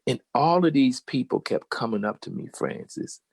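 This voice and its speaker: An older man with a Southern American accent telling a personal story in a casual, animated way and acting out the voices of the people he quotes. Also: mid-range voice, normal speed, vocal fry, breathy edge, dry recording. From Virginia. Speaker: guest storyteller.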